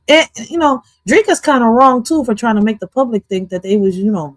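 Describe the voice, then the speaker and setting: A woman streaming casual reaction commentary on an interview clip, loud, profane and playful, dropping in Spanish phrases. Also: medium pitch, no echo.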